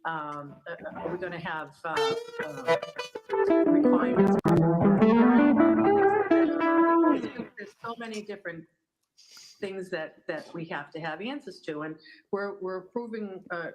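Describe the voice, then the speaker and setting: A city councilor speaking at a meeting in a halting way, with many ums and restarts. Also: medium pitch, dull audio. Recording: played under loud guitar music.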